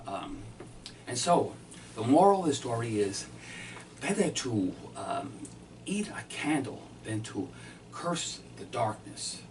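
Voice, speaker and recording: A man telling a comic story as a magician, with halting, deadpan delivery full of fillers. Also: medium pitch. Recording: distant mic, faint background noise.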